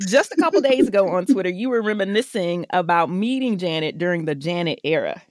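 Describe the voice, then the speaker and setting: Podcast co-host, playful and eager, lively swinging pitch, close dry mic. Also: a little fast, no room sound. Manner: playful, eager, lots of affirmations and laughs. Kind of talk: casual chat interviewing a guest.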